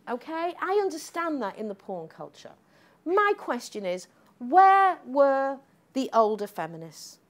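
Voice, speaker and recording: A middle-aged woman giving a public lecture, emphatic and combative, tagging her points with questions to the audience. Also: sits high. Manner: emphatic, combative, frequent "okay?" tags.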